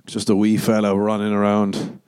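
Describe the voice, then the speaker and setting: A man's voice: lowish voice, monotone, moderate pace, darkish tone, clear, resonant tone. A young adult man from Ireland with an Irish accent, hosting a solo podcast, rambling and swearing, slipping into jokey mock voices. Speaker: podcast host.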